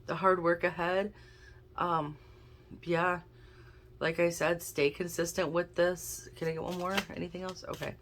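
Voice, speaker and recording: A woman's voice: on the low side, level tone, measured pace, slight background noise. A woman giving a casual tarot and oracle card reading, chatting and thinking aloud as she draws cards. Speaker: intuitive card reader.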